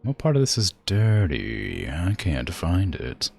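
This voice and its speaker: A man's voice: wildly swooping pitch, takes it slowly, vocal fry, a little mellow, slightly rough. A man streaming a video game, chatting casually with his viewers and talking to the game, laughing often. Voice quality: deep low voice. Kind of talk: casual gameplay commentary.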